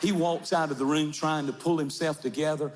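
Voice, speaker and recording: A man preaching a sermon to a large church congregation, impassioned, retelling a story and shouting at the peaks. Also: on the high side, steady tone, a little fast, in a large hall, soft background music. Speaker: pastor.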